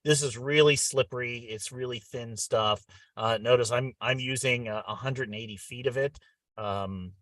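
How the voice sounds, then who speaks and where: A man's voice: lowish voice, no room sound. A man hosting a live radio-hobby show, explaining gear in a practical, matter-of-fact way with some fillers. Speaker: host. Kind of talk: casual show-and-tell chat.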